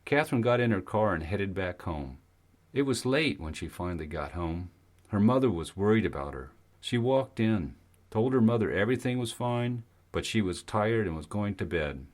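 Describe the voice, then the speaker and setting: A man narrating an audiobook in a steady, even storytelling manner. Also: lowish voice, moderate pace. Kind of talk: scripted narration.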